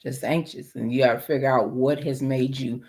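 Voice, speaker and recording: Man podcast co-host, measured, explains things with lots of fillers. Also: medium pitch, fairly even intonation, darkish tone, slightly rough. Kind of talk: casual podcast chat.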